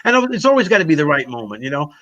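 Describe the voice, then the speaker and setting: A man, a guest drummer, telling road stories in casual chat, animated, acting out what people said and laughing often. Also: on the high side, very fast, muffled recording. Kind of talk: casual storytelling.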